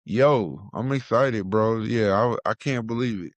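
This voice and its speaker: A man co-hosting a casual wrestling podcast, hyped and playful, full of slang and shout-outs. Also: fairly low pitch, measured pace, no room sound. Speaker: podcast co-host.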